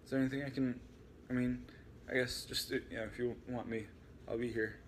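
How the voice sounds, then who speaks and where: A man's voice: mid-range voice, steady tone, fairly quick, a little hiss or hum, lightly acted. A man voicing an anxious, eager young man who stumbles over his words. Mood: hesitant.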